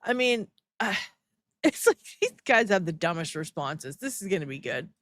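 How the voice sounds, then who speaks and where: A woman's voice: on the low side, sing-song, normal speed, a bit bright, no room sound. A woman hosting a live stream who comments sarcastically and mockingly and laughs often while reading the chat. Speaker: livestream host.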